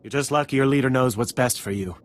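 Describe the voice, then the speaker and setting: A man's voice: mid-range voice, quick pace. A man voicing a nervous, pessimistic settlement defender in a game cutscene.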